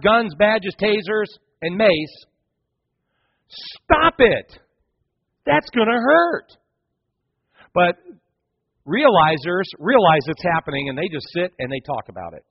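A man's voice: sits high, normal speed, breathy edge, no echo, dull audio. A man preaching a sermon to his congregation, full of rhetorical questions and acted-out voices. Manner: animated preaching, acts out characters, rhetorical questions. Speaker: pastor.

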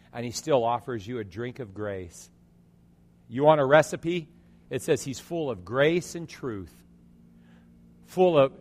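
A man preaching a sermon, telling a story and acting out its quotes, swinging from loud passages to hushed ones. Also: a little high. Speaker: pastor. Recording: long hall reverb.

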